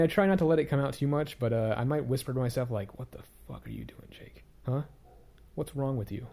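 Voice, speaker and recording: A man's voice: mid-range voice, warm tone. A young man talking casually to his own channel, rambling and hesitant, often restarting his sentences, candid and hard on himself. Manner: candid and self-critical. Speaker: YouTuber. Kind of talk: casual reflective vlog monologue.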